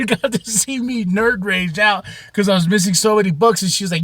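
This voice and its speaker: A man telling a rambling story to camera in a casual, profane way, with sudden shouts and many repeats. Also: high voice, a little fast, hardly any pauses, heavy background noise. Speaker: vlogger.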